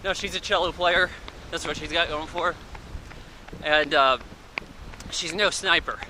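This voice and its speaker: A man's voice: a little high, steady tone, unhurried, bright, forceful tone, slight background noise, low-quality recording. A man giving a casual, rambling spoken film review in an offhand way. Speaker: movie reviewer.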